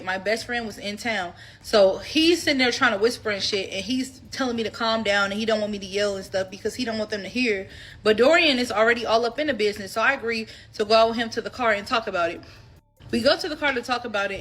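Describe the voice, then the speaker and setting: Candid, foul-mouthed young woman telling a story. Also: fairly high pitch. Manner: candid, profane, animated retelling. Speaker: storytime vlogger. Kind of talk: casual storytelling to camera.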